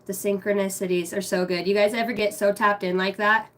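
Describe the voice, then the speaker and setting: Excitable, swearing woman on a livestream. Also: brisk, few pauses. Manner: excitable, swearing, bursts of loud laughter; hushed and low when praying. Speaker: spiritual reader streaming live. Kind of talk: casual livestream chat with viewers.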